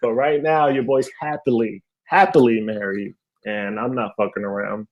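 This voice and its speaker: Young guy doing a stand-up set on a zoom call, lively storytelling, cracks himself up. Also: medium pitch, normal speed, muffled recording. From family from Haiti. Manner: animated storytelling, laughs at own jokes. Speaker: stand-up comedian. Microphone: video call.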